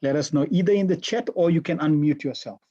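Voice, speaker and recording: Husky, mid-pitched class teacher, interactive and questioning, video-call lesson. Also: fast, mellow, dull audio. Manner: questions the class and repeats answers back.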